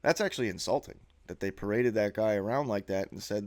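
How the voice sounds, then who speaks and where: A man's voice: on the low side, a little fast, hardly any pauses, a little mellow. A man giving a sneering, profane monologue while narrating a slideshow as a video host.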